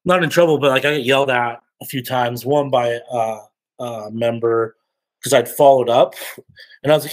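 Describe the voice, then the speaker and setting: A podcast guest telling stories in a casual, animated, slangy way, often laughing. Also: male voice, medium pitch, fast, rough recording. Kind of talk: casual storytelling.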